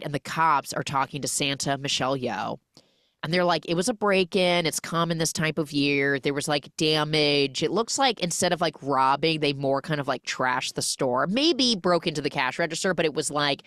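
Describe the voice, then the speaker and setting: Podcast host, woman with a low voice, dry close sound, chatty recap that slips into character voices. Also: fairly bright tone, no room sound. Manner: chatty, acts out characters' lines in quick voices. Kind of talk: animated film recap.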